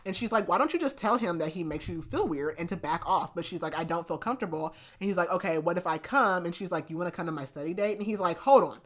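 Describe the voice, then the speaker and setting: A woman's voice: lowish voice, expressive, fast, hardly any pauses. A young woman casually recapping a romance novel for a podcast, chatty and full of fillers like "like". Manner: chatty, filler-heavy retelling with lots of "like". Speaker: book review podcast host.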